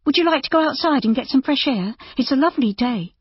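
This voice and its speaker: Woman doing a worried sweet young woman, coaxing, higher voice, a bit muffled. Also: animated, fast, no echo. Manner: coaxing, gently pleading. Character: young woman, caring and anxious.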